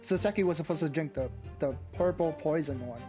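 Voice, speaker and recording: A co-player casually discussing a courtroom game's puzzle, chatty and quick to laugh. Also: medium pitch, over music. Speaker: streamer co-player. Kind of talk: casual game commentary.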